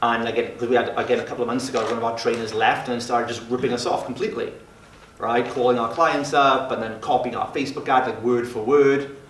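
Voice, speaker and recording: A man's voice: mid-range voice, fairly even intonation, quick pace, fairly bright tone, slight background noise. A man leading a mastermind group for gym owners, talking in a brash and profane way. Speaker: fitness business mentor. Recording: roomy sound from a distant mic.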